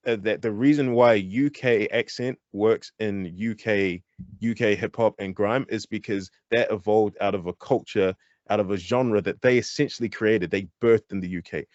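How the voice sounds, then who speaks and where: A man's voice: lowish voice, darkish tone, no echo, lo-fi sound. A man, a hip-hop artist, talking candidly and animatedly in an interview, pressing his points with emphasis and laughing now and then. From New Zealand.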